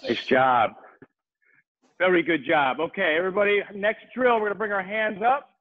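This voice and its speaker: Male guest martial arts instructor, high voice, upbeat drill calls, tinny call audio. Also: normal speed. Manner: upbeat coaching, calling drills. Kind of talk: online fitness class instruction.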